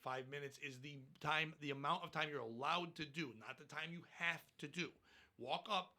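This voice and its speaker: A man's voice: on the high side, fairly even intonation, normal speed, sharp tone. A man, a stand-up comedian, talking bluntly and profanely in a casual podcast interview.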